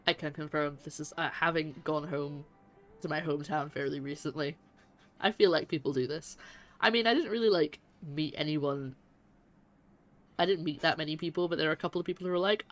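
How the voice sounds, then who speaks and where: A woman streamer chats casually with her viewers while playing a game, poking fun at herself as she talks to chat. Her low voice is brisk and a bit bright, with faint game music behind her.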